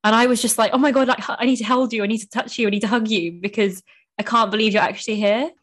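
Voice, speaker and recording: Fast and fairly high-pitched, with fairly even intonation, a young woman hosts a podcast. She chats casually, gushing emotionally and saying "like" over and over.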